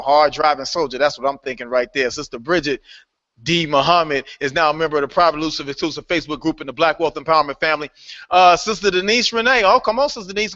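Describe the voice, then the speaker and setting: A man hosting a live online call, welcoming new members in a lively, playful way and laughing often. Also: a little high, no room sound. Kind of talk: casual live call-in chat. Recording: dull lo-fi online call audio.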